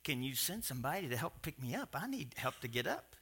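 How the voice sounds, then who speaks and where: A man's voice: mid-range voice, sing-song, fast talker, pushed and bright, breathy edge, pitched below the performer's own voice, full character voice. A man voicing his elderly, worried, talkative mother in a sermon story. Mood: pleading.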